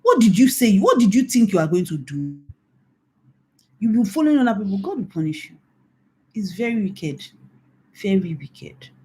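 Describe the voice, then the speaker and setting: A woman's voice: mid-range voice, warm tone, slight background noise. A middle-aged Nigerian woman pastor giving a mentoring talk, emphatic and scolding, repeating her warnings. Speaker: pastor and infidelity recovery coach.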